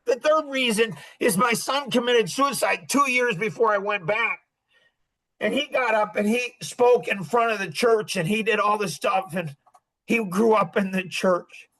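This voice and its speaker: An older man with a notably high voice speaks as a podcast guest over a video call. His talk is impassioned and indignant, and his pitch swings up and down with emotion. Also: a little slow, fairly bright tone, low-quality recording. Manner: indignant and emotional, rising and falling sharply.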